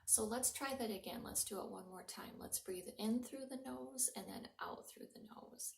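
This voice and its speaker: A woman leading young children through a breathing lesson in a soft, encouraging voice that sometimes drops to a whisper. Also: fairly high pitch, normal speed, gravelly. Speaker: children's librarian leading a mindfulness story time. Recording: roomy home recording from a distance.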